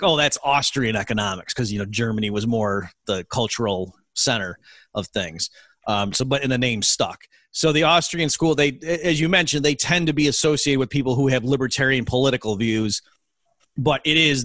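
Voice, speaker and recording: A man's voice: medium pitch, fairly bright tone, no room sound. A middle-aged man, an economist guest in an interview, explaining his field in an earnest, lecturing way. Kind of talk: interview answers.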